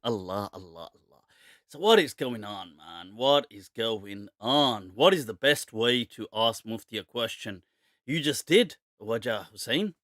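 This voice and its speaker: A man's voice: mid-range voice, lively intonation, unhurried, fairly bright tone, dry recording, studio quality. A man hosting a live-stream question-and-answer show, joking and laughing often and slipping in Urdu phrases. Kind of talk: casual live-stream chat.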